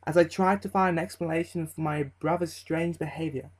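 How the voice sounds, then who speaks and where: A man reading a horror story aloud as its narrator, in a slow, measured and ominous delivery. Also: a little high, fairly even intonation, poor audio.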